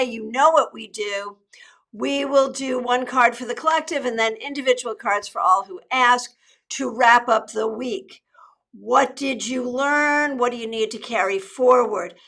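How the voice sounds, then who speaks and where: A woman's voice: fairly high pitch, pushed and bright. A middle-aged woman tarot reader hosting a live stream in an upbeat, chatty way, often restarting her sentences. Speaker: tarot reader and channel host.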